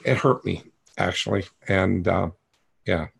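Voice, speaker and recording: Male coach-host, gravelly and husky, candid and rambling, self-mocking. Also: sits low, measured pace. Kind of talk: coaching talk to a group.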